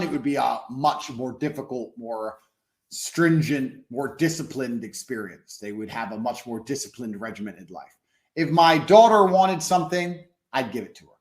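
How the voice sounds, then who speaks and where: A man as a podcast guest in casual conversation, blunt, profane and boastful, slowing down to stress points. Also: medium pitch, expressive.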